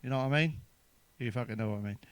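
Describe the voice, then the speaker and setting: A man's voice: mid-range voice, rapid-fire, clear, resonant tone, dry recording. A man telling crude stand-up jokes in a chatty, swearing manner, ending with tag questions. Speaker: stand-up comedian.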